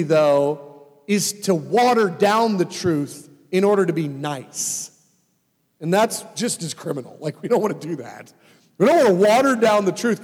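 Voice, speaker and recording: A man preaching a sermon as pastor, animated and swinging between loud emphasis and hushed asides. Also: high voice, breathy edge. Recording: long hall reverb.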